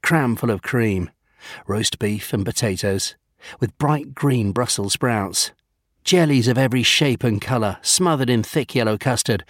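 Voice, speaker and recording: A man's voice: medium pitch, no room sound, studio quality. Man narrating a storybook.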